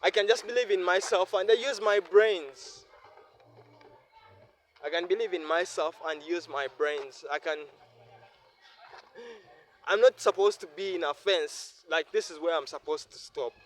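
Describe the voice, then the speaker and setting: Earnest Ugandan man, raised pitch. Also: unhurried, pauses often, fairly bright tone. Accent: Ugandan English. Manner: earnest, repetitive, heartfelt. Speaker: vlogger. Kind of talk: reflective vlog monologue. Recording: faint ambient noise.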